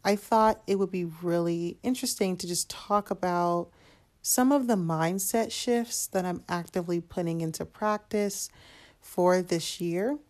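A woman's voice: fairly low pitch, unhurried, darkish tone. A young adult woman hosting a solo podcast, chatting candidly and calling her listeners "y'all" and "honey". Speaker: podcast host. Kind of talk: casual solo podcast talk.

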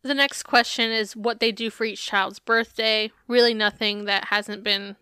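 A woman co-hosting a podcast, recapping a TV show in casual, sarcastic chat full of swearing and lively storytelling. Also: medium pitch, moderate pace, clear, resonant tone, no room sound, clean studio sound. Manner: profane, sarcastic, animated storytelling. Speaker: podcast co-host.

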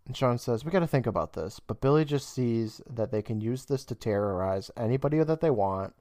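A man's voice: medium pitch, a little fast, few pauses, no room sound. Dry-voiced man recapping with laughs. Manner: animated retelling with laughs and quoted voices. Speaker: podcast co-host. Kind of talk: casual recap chat.

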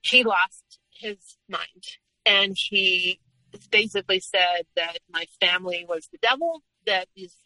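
A woman's voice: mid-range voice, lively intonation, slow pace, sharp tone, dry recording, poor audio. A woman speaking as an interview guest, telling her personal story frankly and candidly in conversation.

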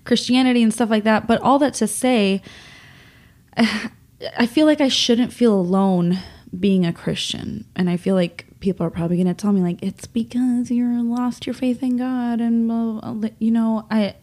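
A woman's voice: medium pitch, moderate pace, darkish tone. Tearful, nasal young woman podcaster. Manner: emotional, rambling, many fillers. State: nasal and close to tears. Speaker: podcast host. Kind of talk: confessional solo podcast.

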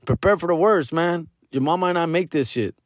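A man's voice: on the high side, normal speed, no echo, clean studio sound, pitched above the performer's own voice, lightly acted. A man doing a blunt, slangy doctor. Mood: grim, blunt. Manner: casual, slangy and matter-of-fact. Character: blunt male doctor delivering grim news.

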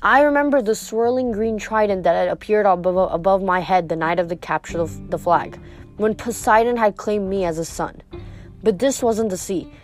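A woman's voice: medium pitch, moderate pace, darkish tone, faint music behind. A woman reading a novel aloud chapter by chapter, with small slips and restarts. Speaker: reader of a novel.

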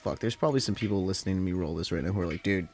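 A man's voice: sits low, rapid-fire, a little mellow, a little hiss or hum. Laid-back, tired man rambling through stories. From California desert. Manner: rambling, profane, heavy use of "like". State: tired after work. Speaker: podcast host. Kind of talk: casual storytelling chat.

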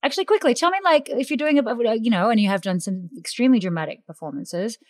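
A woman interviewing a guest in a casual chat, asking quick, playful, teasing questions. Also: fairly high pitch, expressive.

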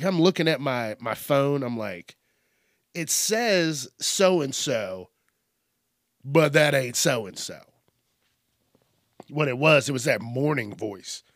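A male podcast host talks through the week's news in a loose, comedic ramble. He swears freely and jokes about himself. His delivery is slow and unhurried, and the sound is dry and close. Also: mid-range voice, no echo. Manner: rambling, profane, self-mocking. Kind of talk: casual comedic news commentary.

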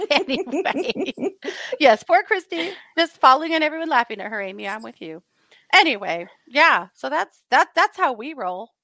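A middle-aged woman hosts a casual podcast chat, laughing her way through animated stories. Her voice is bright and ringing and swings widely in pitch. The recording is dry and close. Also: normal speed, no echo. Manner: laughing storyteller, animated retelling. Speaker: podcast host.

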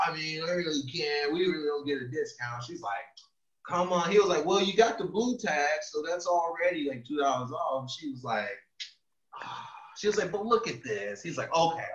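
A man telling a funny story in casual chat, laughing often and dropping low and quiet for the quoted lines. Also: moderate pace. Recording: echoey room, far from a dull mic.

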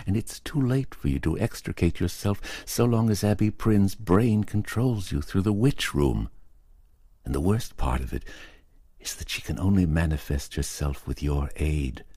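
A man's voice: deep voice, lively intonation, measured pace, mellow, slightly rough, no room sound, clean studio sound, pitched above the performer's own voice, full character voice. A man voicing a grave male occult investigator who warns with solemn urgency in an audiobook reading. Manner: solemn, pleading and ominous.

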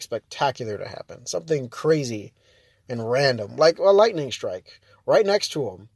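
A man vents in a loose, rambling rant that is full of fillers and restarts. His voice sits a little high and sounds dry and close, with no room around it. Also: darkish tone, no room sound. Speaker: vlogger. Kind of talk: casual ranting monologue.

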